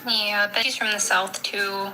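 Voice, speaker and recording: A woman's voice: medium pitch, level tone, normal speed, sharp tone, a little hiss or hum, low-quality recording. A woman chatting casually and cooing at the animals in baby talk. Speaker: visitor with her dog. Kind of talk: casual street chat.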